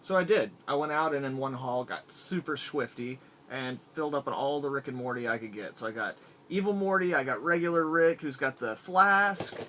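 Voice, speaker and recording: Man, casual vlog, enthusiastic, rambling item-by-item showcase, mid-pitched voice, faint hiss behind. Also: moderate pace, sharp tone. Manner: enthusiastic, rambling, rattles off items. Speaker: collector showing his collection.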